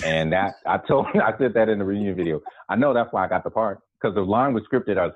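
Deep-voiced man on a tinny phone line. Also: fast, few pauses. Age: 40s. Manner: laid-back, joking, laughs while telling stories. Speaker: guest, actor. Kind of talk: casual storytelling chat. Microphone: phone call.

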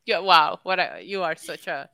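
Smooth, bright woman in teasing podcast chat. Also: lowish voice, moderate pace, dry recording. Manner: emphatic, teasing, laughs often. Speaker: podcast co-host. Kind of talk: casual chat.

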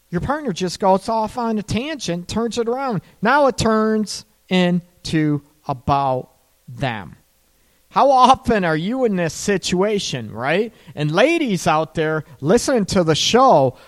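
A middle-aged man, a counselor, hosting a call-in advice show and acting out couples in quick asides with laughs between points. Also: high-pitched. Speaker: counselor and radio show host. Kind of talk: call-in radio advice talk.

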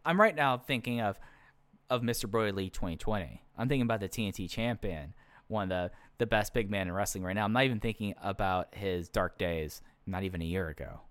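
A man's voice: fairly low pitch, brisk, fairly bright tone, clear, resonant tone, no room sound. Easygoing man rambling on a podcast. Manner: easygoing, self-deprecating, rambling. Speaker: podcast co-host. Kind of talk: casual wrestling review chat.

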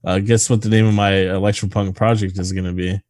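A man's voice: low voice, little pitch movement, brisk, a little mellow, dry recording. A man co-hosting a podcast, chatting casually about a bad movie, crude and jokey, often laughing. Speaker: podcast co-host.

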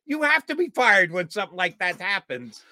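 A man co-hosting a sports talk show, sounding indignant and argumentative. His voice is bright and edged. The sound is dry, with no room echo. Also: high-pitched, very animated, normal speed. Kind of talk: heated sports talk commentary.

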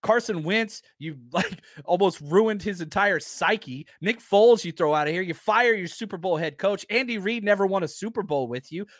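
A man with a fairly high voice runs a live sports talk stream, ranting and swearing as he jumps between thoughts. The sound is dry and close. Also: moderate pace, few pauses, no room sound. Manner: animated, ranting, swearing, self-interrupting. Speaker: sports talk show host.

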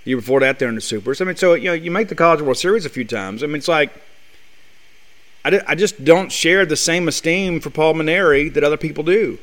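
Male sports radio host, opinionated ranter with a slightly raised pitch. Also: fast talker, a bit bright. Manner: blunt, fired-up, rhetorical questions. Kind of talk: opinionated sports talk monologue.

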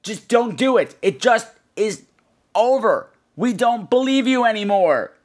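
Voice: mid-range voice, expressive, a little slow. A podcast host giving a blunt, profane film review, acting out scenes with exaggerated voices. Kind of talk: casual ranting film review.

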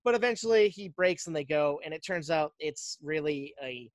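A podcast host casually recapping a movie plot, telling it in an animated way and slipping into quick character voices. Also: mid-range voice, dry recording, studio quality.

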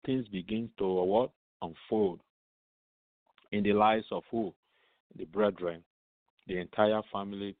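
Through a narrow, phone-line radio sound, a man with a lowish voice and no echo teaches the Bible for a radio programme. He keeps raising rhetorical questions, supplying his own answers, and repeating words as he goes along.

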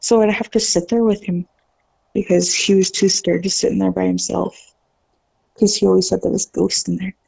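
A woman, a podcast guest, telling a ghost story in a casual, animated way, full of "like" fillers and mimicked voices. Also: medium pitch, normal speed, creaky, slightly rough, rough recording.

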